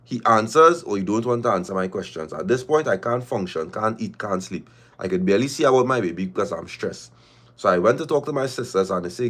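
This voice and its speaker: A man hosting a livestream, reading viewer confessions aloud and reacting with drawn-out exclamations and slang. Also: on the low side, animated, fairly bright tone. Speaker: livestream host.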